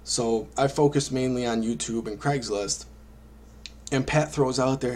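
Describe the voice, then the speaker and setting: A man telling his own story as a vlogger, animated and self-deprecating, acting out his own reactions. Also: medium pitch, unhurried. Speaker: online marketing vlogger. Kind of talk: personal storytelling to camera.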